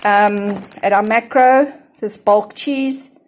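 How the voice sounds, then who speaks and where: A woman's voice: medium pitch, slow, slight background noise. A South African woman in her forties, chatting casually through a grocery haul from home, rambling with fillers and restarts and a little out of breath. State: slightly out of breath. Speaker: vlogger.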